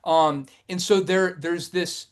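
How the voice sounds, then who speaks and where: Thirties man, poet guest, slightly high voice, rambling and chatty with lots of ums. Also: takes it slowly, clean tone. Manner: rambling, many fillers and restarts, animated swings in pitch and loudness. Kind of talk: casual conversational interview.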